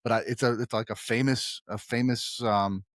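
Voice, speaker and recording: A mid-pitched man hosting a movie podcast, loose and rambling, often circling back over his words. The sound is dry and close to the mic. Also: fairly even intonation, moderate pace, no echo. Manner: rambling, trailing off and restarting often. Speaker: podcast host. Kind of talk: casual podcast chat.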